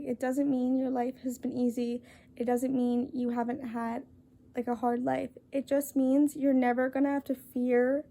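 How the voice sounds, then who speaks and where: A young woman talking earnestly to camera, halting and apologetic, with many fillers and restarts as she reads a list aloud. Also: high voice, warm tone. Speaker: vlogger. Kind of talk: earnest casual talk to camera.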